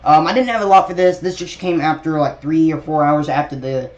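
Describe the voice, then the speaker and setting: A man's voice: a little high, a little fast, darkish tone. Rambling young man, lo-fi recording. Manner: rambling, many fillers and restarts. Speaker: YouTube trailer reviewer. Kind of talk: casual trailer breakdown.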